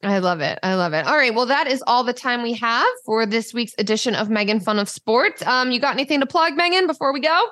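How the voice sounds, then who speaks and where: A woman co-hosting a sports podcast, chatting casually and telling stories in an animated way. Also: fairly high pitch, a little fast, hardly any pauses. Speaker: podcast co-host.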